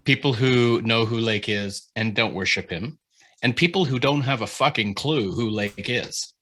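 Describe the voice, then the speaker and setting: The leader of a video-call writing workshop, a man, offers an informal, animated critique, swearing freely and restarting sentences often. He talks at a moderate pace in a medium pitch.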